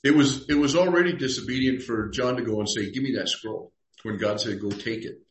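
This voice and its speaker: A man's voice: medium pitch, fairly quick, a little hiss or hum. A man pastor teaching a Bible study in a conversational way, reading scripture aloud and acting out the dialogue. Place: church room. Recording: roomy echo.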